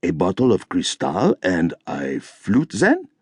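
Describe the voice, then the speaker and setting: A man's voice: low-pitched, huge pitch swings, slow pace, breathy edge, no echo, studio quality, exaggerated voice. A man voicing a snooty young male waiter who talks with a faux accent in a haughty, affected way. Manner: haughty, affected, nose in the air.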